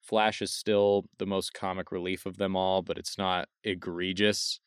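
A man's voice: low voice, flat delivery, a little slow, smooth, dry recording, clean studio sound. A man co-hosting a casual movie podcast, rambling with restarts and casual swearing. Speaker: podcast co-host. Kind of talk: casual film review chat.

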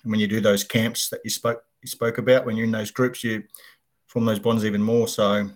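A middle-aged man with an Australian accent, a guest in a casual interview, talking in a relaxed way with many pauses and ums. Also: fairly low pitch. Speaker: guest, retired footballer.

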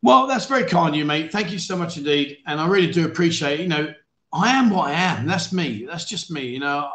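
A man's voice: on the high side, expressive, brisk, fairly bright tone. Man, faded London accent, livestream host, self-deprecating, mock-outraged, echoey room. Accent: London English, faded. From England. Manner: chatty, self-deprecating, laughs often, mock-outraged bursts. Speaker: livestream chat show host. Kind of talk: casual livestream chat reading viewer comments. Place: living in Thailand.

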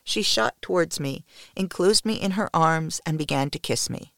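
An audiobook narrator reading a first-person novel in a measured, expressive way, dropping low at the ends of sentences. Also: vocal fry, dry recording, studio quality.

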